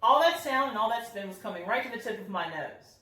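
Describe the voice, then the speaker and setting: A young female voice teacher demonstrates singing technique in an upbeat, friendly way, her fairly high voice bright, expressive and quick. The recording has a roomy echo, with her standing somewhat far from the mic.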